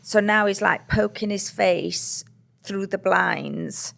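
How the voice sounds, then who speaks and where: A woman co-hosting a podcast, chatting casually and telling animated stories about her dog. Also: mid-range voice, takes it slowly, gravelly. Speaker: podcast co-host. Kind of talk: casual chat.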